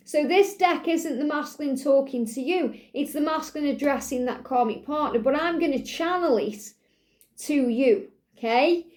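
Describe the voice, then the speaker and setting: A woman's voice: high voice, darkish tone. A woman giving an earnest channeled card reading, repeating and quoting a partner's message. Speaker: tarot and oracle card reader.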